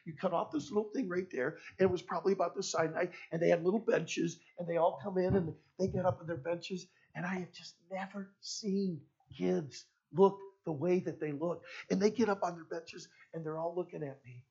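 A male preacher telling a story in a sermon to teenagers, swinging between hushed and loud, on a dull lo-fi recording. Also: high voice, steady tone, fairly quick, gravelly, hardly any pauses, breathy edge.

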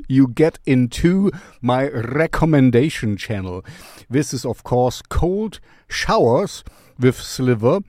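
A man's voice: medium pitch, lively intonation, slow, a little mellow, no echo, clean studio sound. A man hosting his own music channel, giving a casual song recommendation with chatty, playful self-mocking humor.

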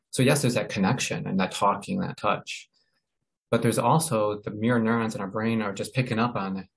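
A man presenting in a webinar, explaining ideas in a halting way with many fillers and restarts. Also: fairly low pitch, creaky, low-quality recording. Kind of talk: informal educational talk.

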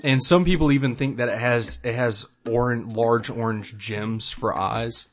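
A man's voice: medium pitch, a little slow, a little hiss or hum. A young man from Florida, co-hosting a podcast in casual chat, rambling with laughs and crude asides. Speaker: podcast co-host.

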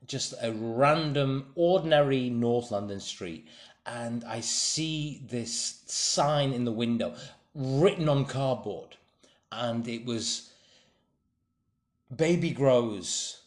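Sweary, wry male co-host of middle pitch, recorded in an echoey room. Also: darkish tone. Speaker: podcast co-host. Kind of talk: casual storytelling chat. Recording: roomy echo.

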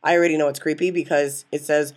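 A woman's voice: sits low, steady tone, fast talker. A woman co-hosting a podcast in casual chat, rambling and teasing, often laughing. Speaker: podcast co-host.

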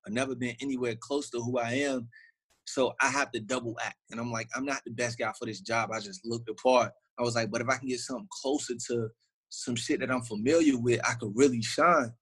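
A man's voice: mid-range voice, steady tone, fairly quick, a bit bright, breathy edge, poor audio. A young man from Virginia with a Southern accent, an actor telling stories in a casual interview, loose and slangy with lots of fillers.

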